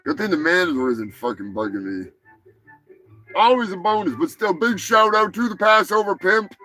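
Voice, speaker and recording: A man's voice: high voice, lively intonation, moderate pace, sharp tone, faint music behind, poor audio. A man hosting a casual live comedy show, talking in a profane, rambling, offhand way. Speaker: host.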